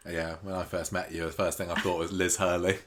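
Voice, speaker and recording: A man's voice: low-pitched, a little fast. A man co-hosting a podcast, chatting casually and teasing his co-host. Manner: animated, teasing banter. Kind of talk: casual chat recapping a soap.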